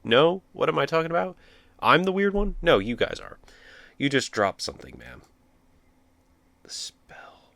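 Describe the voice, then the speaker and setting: A man's voice: a little high, big pitch swings, normal speed, vocal fry, pushed and bright, no echo. A young man commentating a sad game as he plays, tearful and rambling, with jokey asides. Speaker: gamer. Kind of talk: let's-play commentary.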